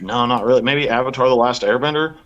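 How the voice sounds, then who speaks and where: Brash young male wrestler, drawl, boastful promo energy, bright tone. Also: mid-range voice, fast, lo-fi sound. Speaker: pro wrestler guest. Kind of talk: casual interview chat.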